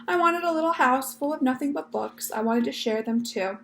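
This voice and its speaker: A gentle, genteel old lady librarian spins her tale with polite little "yes, ma'am"s, as a woman puts her on. Her voice sits a little high, with a gravelly edge. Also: brisk, a little hiss or hum. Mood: fond. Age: older. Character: elderly Southern lady librarian, gentle, storytelling.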